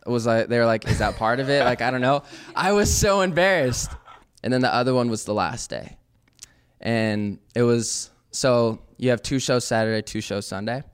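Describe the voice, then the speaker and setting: A young man with a smooth, clear voice tells a story as a podcast guest. His delivery is loose and animated, packed with "like" and breaking into laughter now and then. His pitch sits in an ordinary middle range for a man. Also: normal speed. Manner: animated, heavy use of "like", laughs often. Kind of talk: casual storytelling.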